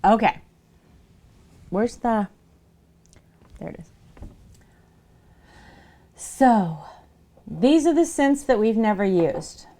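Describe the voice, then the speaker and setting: A woman who makes soap, chatting casually on a livestream. She tells playful stories in an animated way, and her voice rises and falls a lot. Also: on the high side, very slow, long pauses. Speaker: soap maker streaming live.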